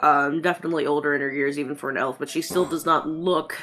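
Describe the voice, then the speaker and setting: A woman's voice: low voice, steady tone, fast talker, a bit bright, soft background music. A woman narrating as game master of a tabletop game, chatty and full of "um"s. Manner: chatty, many "um"s and "like"s.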